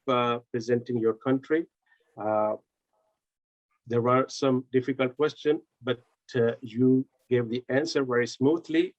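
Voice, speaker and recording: A man hosts a video call meeting and gives formal closing thanks. He speaks at a middle pitch. His manner is polite, and he uses many uh fillers. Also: highs cut off. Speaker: host.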